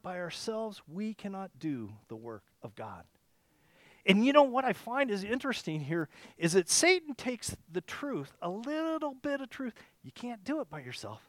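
A man with a notably high voice, preaching to his church congregation. He talks it through casually, stumbling and restarting, and keeps asking "okay?" to check in. The sound is close and dry, with little room echo. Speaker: pastor. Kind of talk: sermon. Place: church service.

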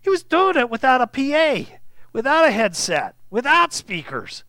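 A Bible teacher leads a small group through a passage in an easy, conversational way, with a lively voice that swings widely in pitch. The teacher keeps checking in with the listeners and acts out the scripture dialogue. The sound is dry and close, with almost no room echo. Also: moderate pace.

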